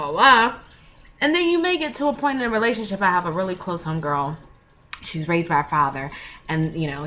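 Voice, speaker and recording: An earnest woman talks straight to the camera in a casual advice vlog, slangy, frank and openly emotional. Her voice sits on the low side for a woman, and a faint hiss of room noise runs under it. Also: fairly bright tone. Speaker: vlogger giving parenting advice.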